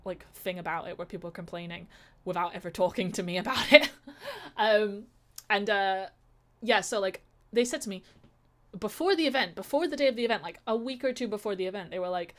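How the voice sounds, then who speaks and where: A woman vlogger chatting casually, her sentences winding with fillers and quick restarts. Her voice sits in an ordinary middle pitch, easygoing and conversational. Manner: rambling, many fillers and restarts. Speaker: vlogger and amateur fighter. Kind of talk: casual chat.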